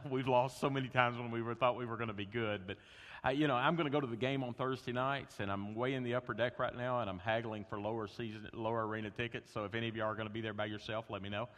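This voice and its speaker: Preacher telling stories in a reverberant hall. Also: male voice, mid-range voice, fast talker. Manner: animated storyteller, shifts from loud to hushed. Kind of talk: sermon with storytelling.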